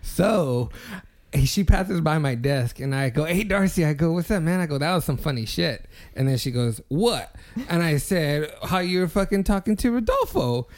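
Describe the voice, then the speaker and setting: A man's voice: on the high side, moderate pace. A man co-hosting a casual podcast, telling a workplace story with lots of swearing and acted-out quotes. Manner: animated, swearing, acts out quotes. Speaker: podcast co-host.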